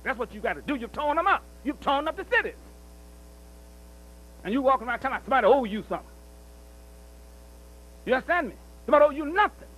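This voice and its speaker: A man's voice: extremely high pitch, a bit bright, slightly rough, low-quality recording. A man giving a preaching-style speech at a commemorative celebration, hammering his points with repetition and rhetorical questions.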